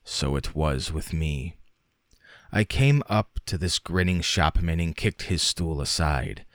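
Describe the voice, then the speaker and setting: A man narrating a classic short story as an audiobook, with lively, dramatic emphasis. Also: rumbling low, slow pace, dry recording, studio quality.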